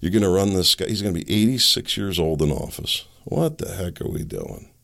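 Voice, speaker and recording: A man hosting an opinion podcast, talking in an agitated, sarcastic rant full of rhetorical questions and halting restarts. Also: sits low, very animated, gravelly, fairly bright tone. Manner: agitated, ranting with sarcastic laughs. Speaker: podcast host.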